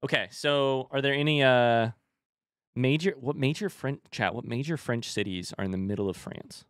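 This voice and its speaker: A young male streamer plays a farming game and chats casually with his live chat, swearing now and then. His mid-range voice moves at normal speed, captured dry in studio quality.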